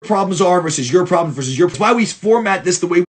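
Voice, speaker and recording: Husky-voiced blunt football coach, a man. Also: high voice, lively intonation, fast. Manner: blunt and profane, many restarts; repeats himself for emphasis. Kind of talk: casual film breakdown for clients.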